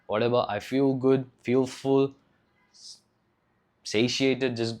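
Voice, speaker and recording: Young man, from India, fitness vlogger, casual to-camera talk, rambling, swears a lot, average pitch. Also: fairly even intonation, slow, darkish tone. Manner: rambling, loose and profane, many "like" fillers.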